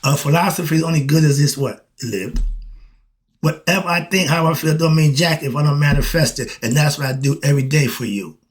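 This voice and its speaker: A middle-aged man giving a preachy solo monologue, answering his own questions and breaking into shouts. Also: fairly high pitch, fairly quick. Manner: coughs and clears throat. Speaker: street philosophy commentator.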